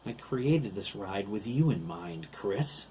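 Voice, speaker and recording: A man's voice: lowish voice, expressive, slow, dark tone, a little hiss or hum. A man voicing a cruel male giant who taunts and gloats over his captives. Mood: menacing. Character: gleeful cruel male giant, sneering villain.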